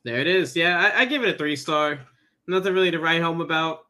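A man with a bright, forceful, fairly high voice recaps a wrestling match step by step. He talks casually and plainly as a podcast co-host. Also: fairly quick. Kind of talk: casual wrestling review chat.

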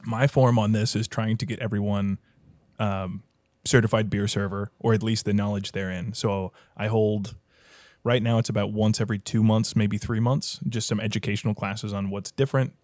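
A man guesting on a podcast as a head brewer, explaining his methods in a rambling, technical way. His voice sits fairly low. The sound is close and dry. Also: a little mellow, dry recording. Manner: technical, rambling, thinks aloud. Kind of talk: casual chat.

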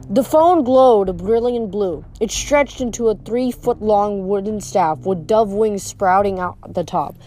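Woman reading a chapter book out loud, mellow, steady narration. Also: mid-range voice, moderate pace, few pauses, soft background music. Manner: steady first-person narration. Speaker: audiobook reader. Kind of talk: storybook reading.

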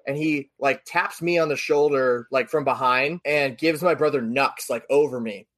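A man on a podcast telling a story in a casual, animated way, acting out the people he quotes. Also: medium pitch, normal speed.

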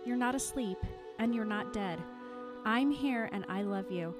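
A woman's voice: fairly high pitch, a little slow, loud music behind the voice, close to an everyday voice. A woman reading aloud the lines of a brooding young male vampire who pleads his love, in her own voice. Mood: earnest.

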